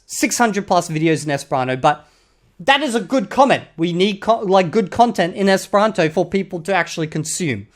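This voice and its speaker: A mid-pitched Australian voice talking through online comments in a loose, casual vlog style. The speaker is blunt and swears often, driving points home with a pushy "okay?" at the end of lines. The delivery sounds like an opinionated young adult thinking aloud. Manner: blunt and profane, repeatedly drops a prodding "okay?". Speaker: YouTuber critiquing online comments.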